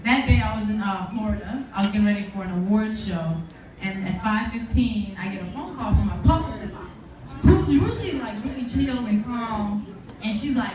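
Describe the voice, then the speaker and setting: A woman guest author telling stories in animated fashion on a live podcast, acting out quotes with laughter. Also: on the high side, fairly quick, a crowd in the background. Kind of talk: live podcast interview storytelling. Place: live podcast event before an audience. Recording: roomy venue, distant mic, music behind.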